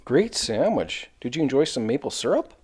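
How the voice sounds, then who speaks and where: A performer voicing a deadpan man in a comedy sketch who gives dry, flat replies. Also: mid-range voice, normal speed, husky. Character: deadpan deep-voiced man, one of the fellas.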